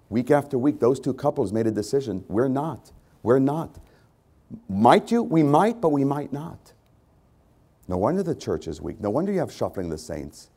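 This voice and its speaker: A man's voice: mid-range voice, expressive, moderate pace, warm tone. A male pastor preaching a conversational sermon to his congregation, repeating phrases for emphasis.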